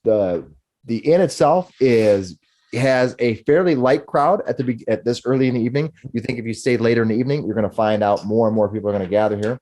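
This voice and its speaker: A man's voice: medium pitch, warm tone. A man narrating as game master of a tabletop game, often restarting his sentences. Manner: halting narration with many restarts.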